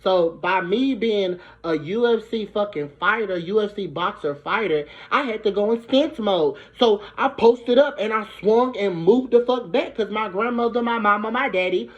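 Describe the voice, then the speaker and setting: A young woman from Brooklyn, telling a profane, animated storytime. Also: mid-range voice, moderate pace, hardly any pauses. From Brooklyn, New York. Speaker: vlogger. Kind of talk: storytime vlog. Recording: dull lo-fi recording.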